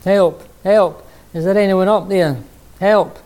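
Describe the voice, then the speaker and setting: A man's voice: fairly high pitch, lively intonation, very slow. A man doing a frantic stranded man. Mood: desperate. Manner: pleading, shouting for help. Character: panicked man clinging to a cliff branch.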